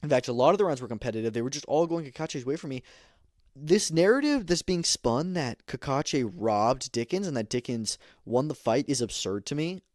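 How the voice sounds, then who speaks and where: A man talks fast and emphatically as a podcast host, sharing blunt opinions on fights in a casual way. His voice sits at a middle pitch and sounds dry and close, with no room echo. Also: animated, a little mellow. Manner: opinionated, emphatic, many fillers. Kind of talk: casual combat sports commentary.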